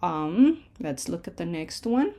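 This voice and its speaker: A woman teaching an online pronunciation lesson, patient and reassuring, slowing down to sound out words syllable by syllable. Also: on the low side, big pitch swings, mellow. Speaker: language teacher.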